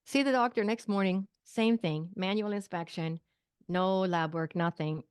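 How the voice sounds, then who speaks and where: A middle-aged woman from Sweden speaks as an interview guest, recounting events vividly and slipping into the voices of people in the story. Her voice sits slightly low. The sound is dry and close, with no room around it. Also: measured pace, clear, resonant tone, dry recording. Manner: vivid retelling with quoted dialogue and small laughs. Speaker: guest, naturopathic physician and psychic medium. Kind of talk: personal story told in an interview.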